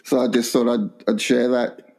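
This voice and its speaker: A man co-hosting a crude comedy podcast, telling long rambling anecdotes in a deadpan way. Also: mid-range voice, moderate pace, vocal fry. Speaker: podcast co-host.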